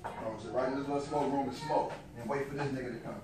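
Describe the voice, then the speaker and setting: A man's voice: medium pitch, fairly even intonation, racing, heavy reverb, distant mic, noisy background. A man in a home prank video, angrily threatening and repeating himself in profane language. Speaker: vlogger, the prank target. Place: inside a home.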